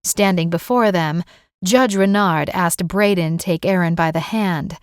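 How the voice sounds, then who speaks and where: A woman reads her own romantic suspense novel aloud in gentle, even storytelling. Her voice sits lowish, recorded dry and close with no room sound. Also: unhurried, clean tone, dry recording. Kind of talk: audiobook narration.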